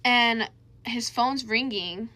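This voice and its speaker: Bright-voiced young woman, casual rambling storyteller, heavy on "like". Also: fairly high pitch, takes it slowly. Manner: rambling, full of "like" fillers.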